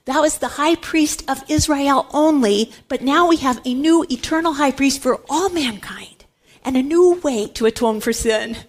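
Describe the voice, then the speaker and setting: Woman, high voice, Catholic Bible teaching, emphatic, repeats words for stress. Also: moderate pace. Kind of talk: teaching talk on scripture.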